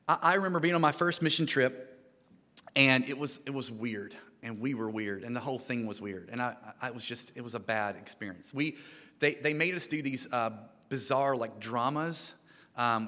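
An American man preaching a sermon into a microphone, in a conversational, animated way with frequent restarts and repeated words. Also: mid-range voice, moderate pace. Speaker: guest preacher. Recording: long hall reverb.

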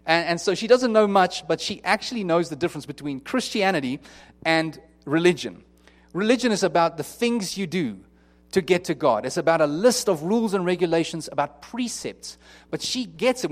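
Guy preaching a sermon, kinda high voice, earnest and chatty, lots of restarts. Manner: earnest, conversational, with many restarts and acted-out quotes. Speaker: pastor.

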